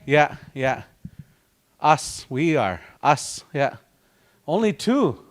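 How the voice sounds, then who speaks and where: A male teacher leads a classroom language lesson at an unhurried pace. He repeats words over and over and breaks them into syllables for his students, in a slightly high voice. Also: very animated.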